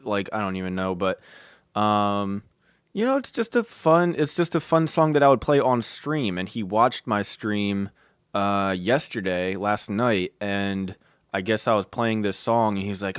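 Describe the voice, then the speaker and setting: A man's voice: lowish voice, animated, moderate pace, clean tone, dry recording, studio quality. A young man hosting a podcast from home, rambling casually with lots of fillers, restarts and offhand swearing. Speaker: podcast host.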